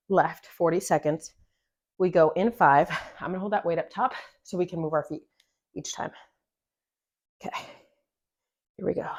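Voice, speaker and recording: Out of breath yet upbeat, a woman coaches viewers through a home workout, describing each move between gasps as they follow along. She has a low-pitched voice with a somewhat dark tone.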